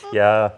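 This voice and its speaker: A man hosting a casual whiskey tasting chat, rambling like a storyteller with many restarts. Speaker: podcast host.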